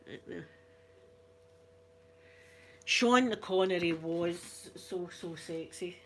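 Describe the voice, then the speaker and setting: A woman's voice: on the low side, extremely slow, fairly bright tone, a little hiss or hum. A woman with a Scottish accent chatting casually with viewers on a live stream, giggling often and reading out comments. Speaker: ASMR channel host.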